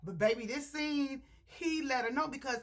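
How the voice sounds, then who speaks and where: A woman's voice: sits high, moderate pace. Woman animatedly retelling a book scene. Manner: animated storytelling, quotes characters at length; laughs often while retelling. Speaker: book reviewer.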